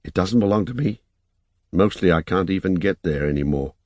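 A man's voice: lively intonation, moderate pace, darkish tone, no echo. A man reading an audiobook, voicing a wary but kind young woman by lifting his voice. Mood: brisk. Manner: lifts his voice higher for her.

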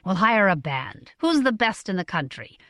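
A woman's voice: medium pitch, very animated, normal speed, a bit bright, dry recording. A woman voicing a hearty, blustery merchant in his mid-forties who teases his family, in a dry recording. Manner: blustery, teasing.

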